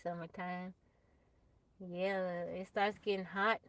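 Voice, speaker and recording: A woman's voice: on the low side, little pitch movement, slow, fairly bright tone, no room sound, poor audio. A woman chatting casually on a live stream, laughing often and talking straight to her viewers. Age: adult, mother of a child. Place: tiny house off the grid.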